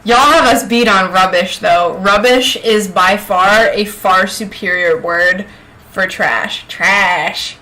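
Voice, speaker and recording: A woman's voice: medium pitch, slow pace, sharp tone. A woman hosting a casual craft livestream, chatting with viewers and laughing often as she works. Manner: chatty, reads chat aloud, laughs often. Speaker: livestream host. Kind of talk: casual chat while crafting.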